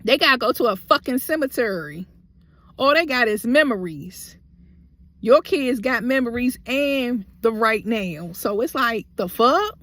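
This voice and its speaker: A woman's voice: a little high, lively intonation, measured pace, fairly bright tone, no room sound. A young adult woman in a heated storytime vlog, talking bluntly. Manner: blunt, heavy cursing, heated. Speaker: vlogger.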